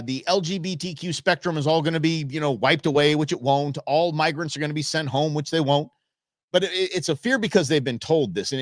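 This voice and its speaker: A man's voice: on the high side, no room sound, studio quality. Rambling middle-aged man hosting a live stream. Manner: rambling, with many fillers and restarts. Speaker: show host. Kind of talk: live-stream talk show monologue.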